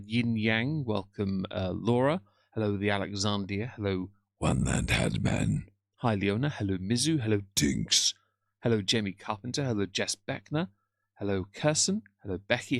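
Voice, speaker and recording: A man hosting a livestream from an upstairs room at home, his low voice gravelly with fry. He rambles loosely, padding with ums and uhs as he greets chat names. The sound is dry and close. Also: fairly bright tone, no room sound. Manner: rambling, many fillers, greets chat by name. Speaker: livestream host.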